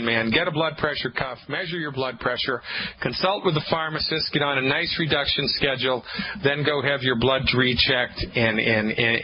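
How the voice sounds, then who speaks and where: A man hosts a health call-in radio show, joking with callers and handing out advice in a homespun way. His voice sits mid-range and comes through a dull, lo-fi broadcast with faint noise behind it. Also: mid-range voice. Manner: folksy, jokey, advice-giving. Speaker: radio show host, doctor.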